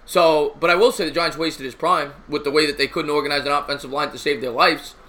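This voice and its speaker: An energetic man hosts a live sports call-in stream, talking fast with callers and chat. His voice is bright and slightly high. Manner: energetic, joking, talks to chat. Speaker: host.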